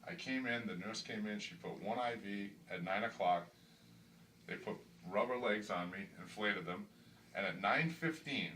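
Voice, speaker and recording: In an echoey hospital room, a middle-aged man with a mid-range voice speaks frankly about his weight-loss surgery. His emphasis builds until he's excited and loud, tripping over words and repeating them, captured by a far-off mic with slight background hiss.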